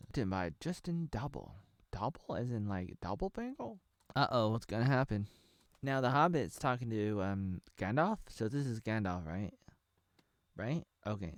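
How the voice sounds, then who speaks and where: A man's voice: lowish voice, no echo, clean studio sound. A man in his thirties from Oregon, rambling and joking with many ums and likes as he talks casually about a TV episode. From Oregon, USA. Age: 30s. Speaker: video creator reviewing a TV episode. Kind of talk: casual off-the-cuff commentary.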